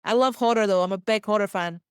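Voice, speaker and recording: A young Scottish woman chats loosely as a podcast guest, scattering fillers and little laughs through her talk. Her voice sits at an ordinary middle pitch. The recording is close and dry, with no room sound. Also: clear, resonant tone, dry recording. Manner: chatty, filler-heavy, quick self-deprecating laughs. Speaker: comedian and actor guest. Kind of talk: casual podcast interview.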